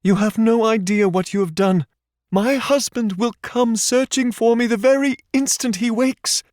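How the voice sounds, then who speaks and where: A man reading an audiobook and voicing a frightened but defiant young noblewoman in a high, strained voice that sounds urgent and demanding. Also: unhurried, darkish tone, dry recording, clean studio sound, lightly acted. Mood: alarmed.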